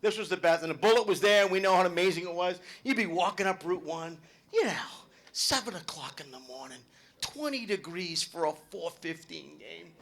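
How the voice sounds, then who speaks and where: High, lively, bright-voiced male comedian. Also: brisk, slight background noise. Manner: loud, swearing, animated storytelling. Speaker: stand-up comedian. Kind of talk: live stand-up comedy. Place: club event hall with live audience.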